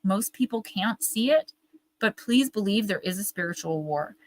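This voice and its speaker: A woman in her forties, a medium and author, telling stories in a casual interview with an animated manner and many fillers. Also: medium pitch, moderate pace, no room sound, low-quality recording. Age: 40s.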